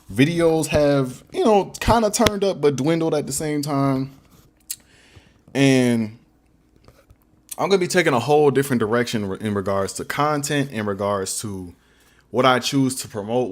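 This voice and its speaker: A young man who makes beats, chatting casually in a livestream Q&A, slangy and rambling. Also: mid-range voice. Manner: laid-back, slangy, rambling. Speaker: beatmaker streamer. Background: faint beat playing.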